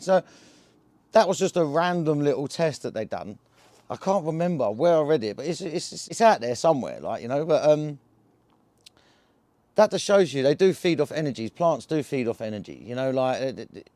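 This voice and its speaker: Speaking straight to camera, this cannabis vlogger's darkish voice sits slightly high for a man. His loose monologue strings slang, fillers, and rapid "yeah?" checks together, and the close mic leaves the sound bone-dry with no echo.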